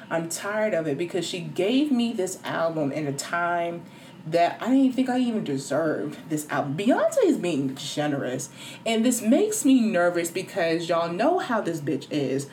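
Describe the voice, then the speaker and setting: A woman vlogging a casual album review, animated and dramatic, swearing and breaking into sudden high squeals. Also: slight background noise. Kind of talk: casual excited rant to camera.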